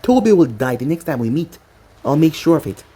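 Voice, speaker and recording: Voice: mid-range voice, very animated, fairly quick, dark tone, breathy edge. A narrator as a cold resolute young ninja. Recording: faint music behind.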